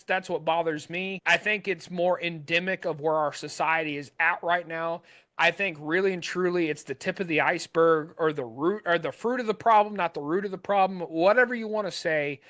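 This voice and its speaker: An American man co-hosting a podcast in a chatty, enthusiastic way, guiding the talk into the next segment. His voice sits high and bright, picked up close on a studio mic with a dry sound. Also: no echo. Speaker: podcast co-host. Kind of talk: casual chat.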